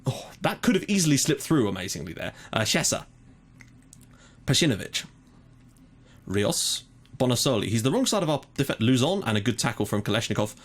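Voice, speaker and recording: A man's voice: medium pitch, sing-song, a little fast, pauses often. A young man casually commentating his own football management game, chatty, with frequent fillers and mock match calls. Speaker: gaming YouTuber. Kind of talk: casual let's-play commentary.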